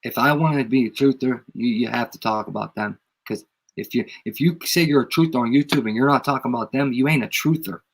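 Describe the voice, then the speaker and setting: A man's voice: mid-range voice, brisk, breathy edge. A man with a head cold ranting casually to a live audience, emphatic and slangy, repeating his points over and over. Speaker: channel host. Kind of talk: casual livestream rant.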